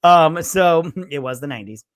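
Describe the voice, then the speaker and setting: A man co-hosting a movie review podcast, retelling scenes in an animated way, jumping into character voices and swearing freely. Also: fairly high pitch, normal speed, dry recording, studio quality. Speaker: podcast co-host. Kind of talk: casual movie review chat.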